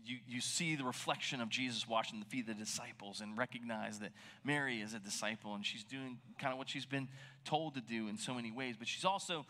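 A man preaching a sermon in a conversational, animated way, sometimes dropping to a near whisper for emphasis. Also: mid-range voice, fairly quick, a little hiss or hum. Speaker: pastor.

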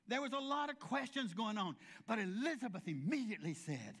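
A man preaching a sermon in a high-pitched voice. He tells homespun, funny stories and briefly acts out each person he quotes. His delivery is chatty and warm-humored. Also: sing-song, fairly quick, few pauses, husky. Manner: folksy storytelling with humorous asides. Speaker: pastor.

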